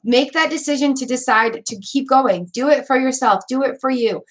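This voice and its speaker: A tarot reader with a high-sitting voice and moderate pace gives readings on a live stream, hiccuping along the way. She's encouraging and chatty, repeating words and using fillers.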